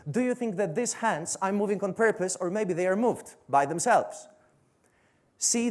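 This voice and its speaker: A man's voice: sits high, a little mellow. A male motivational coach with a Polish accent speaks to an audience from a stage. He leans on rhetorical questions and repeats his key phrases to drive each point home. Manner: emphatic, rhetorical questions and repetition. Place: stage before a seated audience.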